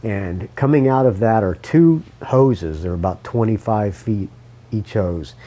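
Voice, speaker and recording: Podcast host, man, low mellow voice, loose rambling storyteller who swears and keeps coughing. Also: a little slow. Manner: rambling, swearing, self-correcting. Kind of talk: casual storytelling monologue.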